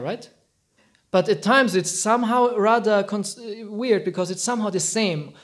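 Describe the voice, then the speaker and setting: High-voiced man telling an animated story. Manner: animated, acts out quotes, laughs often. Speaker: teacher giving a talk. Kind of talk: informal storytelling talk.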